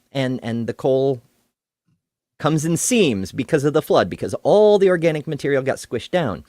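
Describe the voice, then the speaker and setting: A man hosts a casual livestream, chatting playfully and swearing freely. His mid-pitched voice moves a lot, and the sound is dry and close. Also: a little mellow, no echo. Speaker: host. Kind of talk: casual stream chat.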